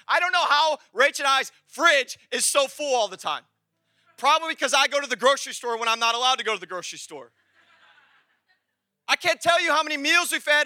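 Animated high-voiced man preaching a sermon. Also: no room sound, clean studio sound. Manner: animated and conversational, shouting at peaks. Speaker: pastor.

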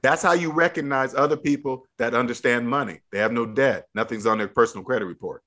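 A man's voice: medium pitch, fast talker, a bit bright. A man coaching a younger guest on money, emphatic and preachy, repeating his points in casual podcast chat. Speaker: debt-free money coach.

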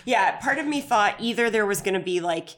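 A woman co-hosting a podcast in relaxed, agreeable casual chat. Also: medium pitch, a little fast. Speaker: podcast co-host.

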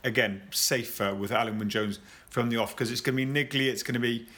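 A man giving rugby opinions in a casual chat, talking in an animated, rambling way with lots of stammered restarts. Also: medium pitch, fast talker. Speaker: rugby pundit. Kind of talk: casual sports discussion.

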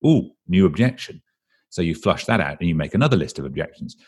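An English man with a very low, husky voice talks as a guest expert. He explains at a brisk clip and slips into little quoted voices to act out what people say. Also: animated. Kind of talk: explaining in an interview.

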